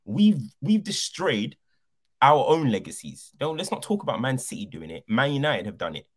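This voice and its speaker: A man's voice: mid-range voice, sing-song, moderate pace, breathy edge. A man co-hosting a football podcast, arguing passionately and repeating his points for emphasis.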